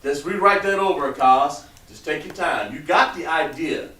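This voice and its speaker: A man's voice: on the high side, moderate pace, bright, forceful tone. A man teaching a class, patiently coaxing students and trailing off as he writes on the board. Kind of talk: classroom instruction. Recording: roomy, distant mic with background noise.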